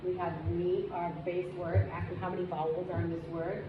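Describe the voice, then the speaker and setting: Woman teacher walking thru a reading lesson, lowish voice, echoey room, kinda muffled and noisy. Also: flat delivery, normal speed. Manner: clear, encouraging, step-by-step instruction. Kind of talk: demonstration lesson with teacher commentary.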